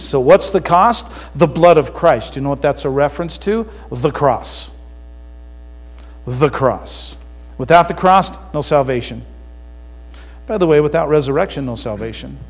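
A male pastor giving a sermon, emphatic and swinging between loud declarations and quiet asides. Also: mid-range voice, animated, normal speed. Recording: long hall reverb with mains hum.

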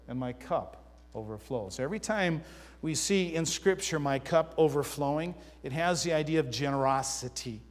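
A man preaching a sermon, mixing scripture reading with casual personal stories. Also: medium pitch. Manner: conversational preaching with personal anecdotes. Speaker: pastor. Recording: reverberant hall.

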